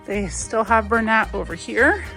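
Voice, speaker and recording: A woman's voice: a little high, animated, measured pace. Woman, casual shopping vlog, chatty and wistful, phone recording in a store, faint music behind. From United States. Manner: chatty, wistful, with frequent soft laughs. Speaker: vlogger. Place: inside a large craft store. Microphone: phone held while walking.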